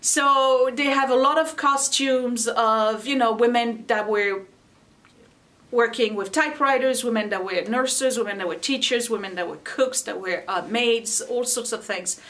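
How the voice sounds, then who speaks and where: A woman's voice: a little high, unhurried, fairly bright tone. A middle-aged woman chatting casually to camera at home, rambling and laughing often as she talks about holiday decorating.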